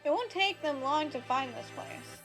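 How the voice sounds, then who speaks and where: A woman's voice: high voice, expressive, moderate pace. Haughty aristocrat student, barks orders, read by a woman, game music under. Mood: stern. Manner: imperious, commanding. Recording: game music playing behind.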